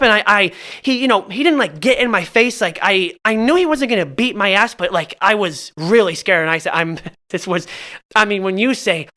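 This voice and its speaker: A young man from Southern California with a bright, tense edge to his voice, chatting casually on a podcast. He stumbles through constant restarts and pokes fun at himself as he tells his stories. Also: sits high, animated. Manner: halting, full of restarts, self-mocking. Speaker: podcast storyteller.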